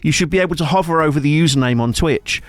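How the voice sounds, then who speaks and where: A man's voice: a little high, quick pace, no room sound. Man, casual stream banter, jokey, dry sound. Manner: jokey, rambling, chat-reading. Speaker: streamer co-host.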